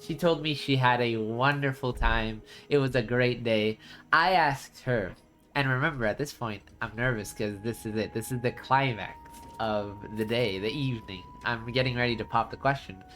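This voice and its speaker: A man streamer chatting casually with his viewers, telling a long story in a rambling, animated way full of restarts. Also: medium pitch, moderate pace.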